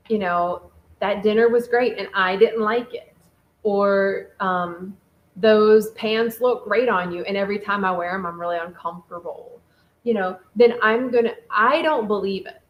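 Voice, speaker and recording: A woman co-hosting a casual relationship talk show, chatty and animated, reading out listener comments. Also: medium pitch, low-quality recording. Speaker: podcast co-host.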